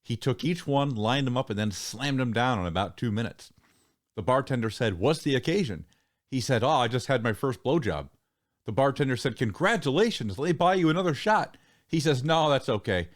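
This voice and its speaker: A man's voice: medium pitch, fairly quick. Brash guy hosting a podcast, voice all over the place, telling dirty jokes. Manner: brash, tells crude jokes, animated intros. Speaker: podcast host. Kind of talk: casual podcast banter.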